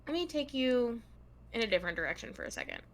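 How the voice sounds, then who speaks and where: A woman hosting a true crime podcast, her voice bright and forward. She reads long passages aloud in an easygoing, conversational way. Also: on the high side, very animated, fast talker. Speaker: podcast co-host.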